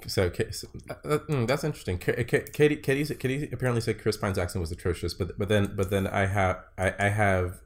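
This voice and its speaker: Low-voiced man who stammers a lot. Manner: halting, stammering, repeats words. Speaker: podcast co-host. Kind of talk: casual film review chat.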